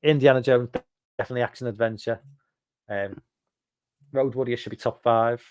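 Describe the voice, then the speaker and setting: A man's voice: mid-range voice, steady tone, moderate pace, a little mellow, clean tone, dry recording. A man hosting a casual chat, blunt, sweary and joking. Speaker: podcast host.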